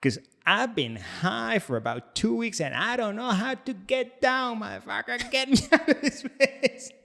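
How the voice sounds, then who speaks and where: A man's voice: very high-pitched, wildly swooping pitch, slow, vocal fry, husky, pitched above the performer's own voice, heavily acted. A man putting on a furious, cursing friend. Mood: exasperated. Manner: shouting, cursing, exasperated.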